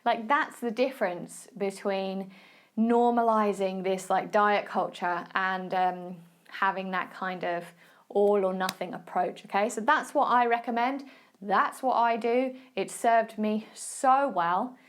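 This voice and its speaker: A woman with an Essex English accent hosts a solo podcast as a nutrition coach, offering advice in a chatty, encouraging way and often checking in with the listener. Her voice is medium-pitched and steady, and she speaks a little slowly in this casual talk.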